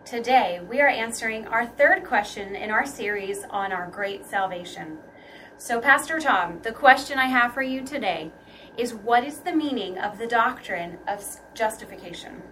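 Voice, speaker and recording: A woman hosting a question-and-answer program for a church reads her introduction and the day's question in a fairly high voice. She sits a little back from the microphone, with a faint hiss underneath. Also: lively intonation, normal speed, a bit bright. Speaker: host. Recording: voice a bit far from the mic with faint noise.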